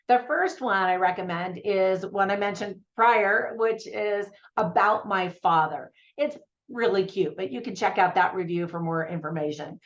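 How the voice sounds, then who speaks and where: Middle-aged woman, upbeat casual reviewer, mid pitch, slightly muffled recording. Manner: chatty, upbeat, quotes lines in put-on voices. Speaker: movie reviewer.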